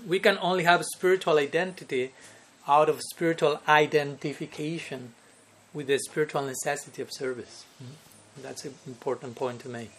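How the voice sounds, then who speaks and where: A spiritual teacher delivers a devotional lecture in a slightly high, a bit bright voice with a steady tone and moderate pace, over slight background noise. He frequently chuckles between points and keeps asking "no?" and "okay?"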